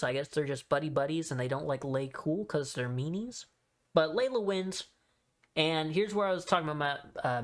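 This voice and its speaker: A man's voice: medium pitch, a bit bright. A man hosting his own podcast, talking through a recap in a loose, rambling way, full of fillers and offhand swearing. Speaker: podcast host. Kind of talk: casual solo podcast recap.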